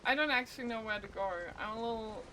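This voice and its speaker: A woman's voice: fairly high pitch, fast, sharp tone, a little hiss or hum. A woman streaming a video game, talking casually with lots of profanity and jokes. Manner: profane, joking, blunt. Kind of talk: casual livestream gaming commentary.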